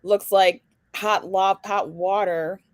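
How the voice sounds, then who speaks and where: A woman co-hosting a casual podcast chat, frank and quick to laugh. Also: medium pitch, steady tone, no room sound. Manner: frank, laughs a lot, short backchannels. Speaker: podcast co-host.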